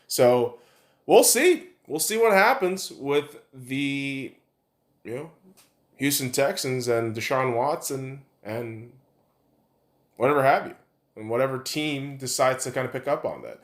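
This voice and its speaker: Male podcast host, mid-pitched voice, blunt, swearing, rambling sports rant. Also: animated, measured pace. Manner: blunt, profane, opinionated, rambling with restarts. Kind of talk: casual sports opinion rant.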